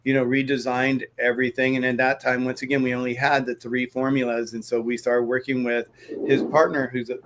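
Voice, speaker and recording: A man, a guest in a conversation, telling a story in an animated way and acting out the dialogue as he goes. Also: mid-range voice, fairly quick.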